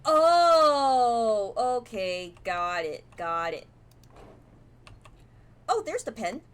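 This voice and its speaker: A woman's voice: on the high side, sing-song, extremely slow, clean tone. A woman commentating as she plays a horror game, chatting to viewers and often startled into gasps and exclamations. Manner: jumpy and easily startled, gasping and exclaiming; chatty, talks to viewers while reading aloud. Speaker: gamer playing a horror game. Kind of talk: live gameplay commentary.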